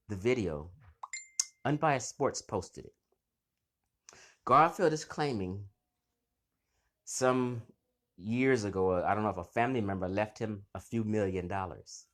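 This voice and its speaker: Man, casual call-out vlog, boastful, confrontational, swinging pitch. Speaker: channel host.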